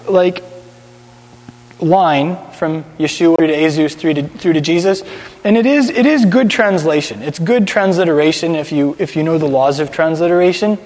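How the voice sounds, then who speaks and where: A man with a high voice gives a loose, conversational sermon to a congregation. He stumbles over words and has his listeners say things back to him. His voice rings with a long echo, as if he is in a large hall. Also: lively intonation, moderate pace, a little mellow, a little hiss or hum. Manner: chatty, repeats words, has listeners repeat after him. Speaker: congregation teacher.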